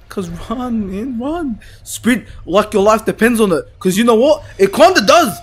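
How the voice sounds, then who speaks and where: A young man playing a horror game, swearing and panicking as he yells at the screen. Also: high-pitched, sing-song, a little slow. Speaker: gaming YouTuber. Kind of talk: horror game let's play.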